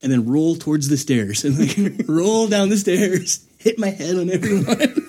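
Telling a story in a casual chat, a young man speaks at a measured pace in a high-pitched, slightly rough voice. He laughs often and animatedly performs the voices of other people.

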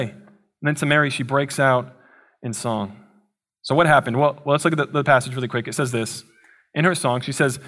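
A young male pastor preaching to his congregation. He talks casually and conversationally, breaking into playful asides. His voice sits slightly high for a man. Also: a little fast, a bit bright. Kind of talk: sermon.

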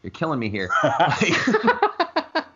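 Excitable swearing male panelist, animated pitch, muffled lo-fi sound. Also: slow, breathy edge. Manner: excited, profane, restarts often. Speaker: podcast panelist. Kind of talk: casual chat.

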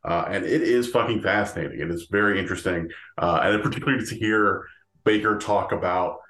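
A man's voice: deep voice, a little fast, a bit bright, echoey room. A man co-hosting a podcast in casual chat. He rambles, with many fillers and restarts, and laughs often. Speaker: podcast co-host.

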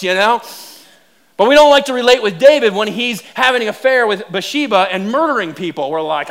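A man preaching a sermon as pastor, telling funny self-deprecating stories with animated delivery. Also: high voice, fairly quick.

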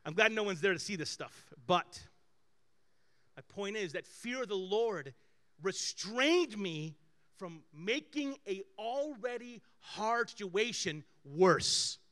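A male pastor giving a conversational sermon, telling personal stories with animated swings between loud bursts and hushed asides. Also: high-pitched.

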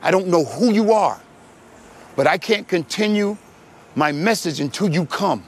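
High-voiced man preaching his testimony. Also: unhurried, husky. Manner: animated storytelling, acting out voices. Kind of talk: sermon testimony. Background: music.

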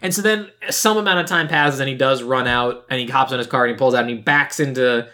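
A man talks through a film's plot in a loose, meandering way, piling on "like" and restarting his sentences. His voice sits at an ordinary middle pitch. He sounds like a relaxed podcast co-host chatting with a friend. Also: fast talker. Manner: rambling, filler-heavy retelling with many "like"s. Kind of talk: casual movie recap chat.

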